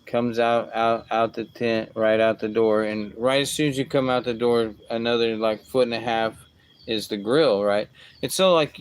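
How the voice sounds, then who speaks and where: A man with a smooth, clear voice at an ordinary middle pitch tells a casual story. He rambles along, tossing in asides and restarting his sentences, as if chatting with a friend. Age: adult with a young son. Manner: rambling, full of asides like "whatever" and "boom".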